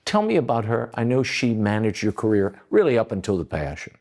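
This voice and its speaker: A male interview host with a fairly low voice that rises and falls a great deal. He asks curious questions and nudges his guest along with brief reactions. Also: wildly swooping pitch, brisk, a little mellow. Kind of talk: conversational interview.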